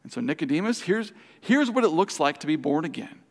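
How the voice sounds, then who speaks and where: A man preaches at a Bible study. He reads a passage aloud, then unpacks it with questions to the room. His voice sits a little high and has a gravelly fry, carried by the long echo of a church hall. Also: big pitch swings, fairly quick. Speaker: pastor. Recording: hall reverb.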